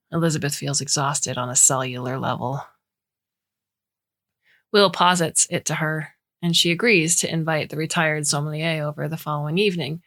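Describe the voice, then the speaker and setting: A woman narrating a science fiction story in measured, clear storytelling. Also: deep voice, a bit bright. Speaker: audiobook narrator. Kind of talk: scripted narration.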